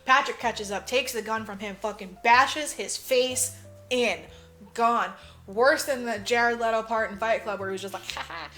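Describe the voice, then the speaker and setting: A woman's voice: fairly high pitch, fairly even intonation, moderate pace, sharp tone, faint music behind. A woman co-hosting a podcast, animatedly retelling a movie plot, acting out characters and swearing freely. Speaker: podcast co-host. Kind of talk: casual movie recap chat.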